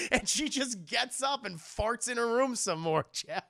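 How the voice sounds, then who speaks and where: A man recapping a TV episode on a live stream in a casual, animated, profane way, often addressing his chat. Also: high-pitched, a little slow, gravelly, few pauses, dry recording, studio quality. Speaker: streamer and TV reviewer.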